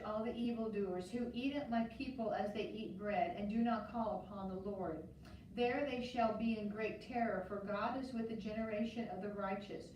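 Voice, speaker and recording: A woman reading scripture aloud in a church, in a steady, measured way that lifts on each call to God. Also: a little high, a little hiss or hum. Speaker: scripture reader. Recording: very echoey, distant mic.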